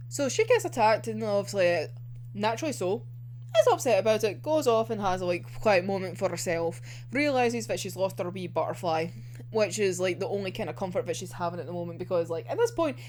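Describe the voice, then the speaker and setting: A young woman giving a casual anime commentary, animated and heated, swearing a lot and filling with "like". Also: medium pitch, slight background noise. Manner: animated, heated, heavy swearing, many fillers. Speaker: anime reviewer.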